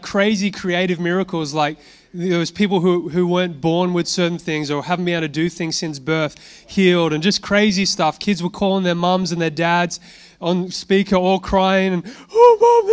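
A man preaching with an animated, storytelling manner, breaking off into casual asides and chuckles. His voice sits a little high for a man. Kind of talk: sermon with testimony.

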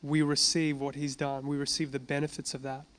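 A man preaches in a relaxed, chatty way, sharing stories from his own life. His voice sits a little high for a man and sounds smooth and clear. He keeps throwing rhetorical questions at the listeners and then answering them himself. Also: fairly quick. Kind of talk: informal sermon with personal testimony.

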